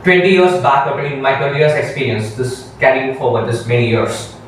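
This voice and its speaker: A man in his forties with an Indian English accent, giving an animated, emphatic classroom lecture as a career trainer. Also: medium pitch, brisk, a little hiss or hum. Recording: very echoey room, voice from far off.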